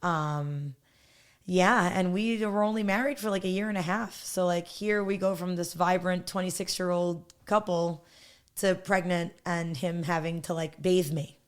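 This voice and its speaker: A woman's voice: fairly low pitch, steady tone, unhurried, clean tone. A woman in her thirties, a podcast guest, telling her story bluntly and candidly, laughing often.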